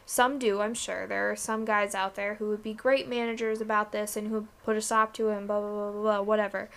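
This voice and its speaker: A woman's voice: mid-range voice, flat delivery, a little fast, creaky, fairly bright tone. A young woman co-hosting a podcast, talking candidly and casually about work, swearing now and then. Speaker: podcast co-host. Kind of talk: casual chat.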